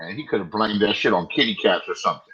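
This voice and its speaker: A man's voice: fairly low pitch, rapid-fire, a crowd in the background. A middle-aged man in casual online chat, teasing and exclaiming, often repeating himself. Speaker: livestream commentator. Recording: slightly dull lo-fi stream audio.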